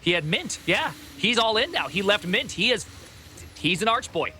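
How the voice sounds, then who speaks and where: A man with a bright, somewhat high voice rambles through live reaction commentary. He laughs a lot and trips over his own sentences in his excitement. A faint hiss of noise sits under him. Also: moderate pace. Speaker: streamer reacting to a video.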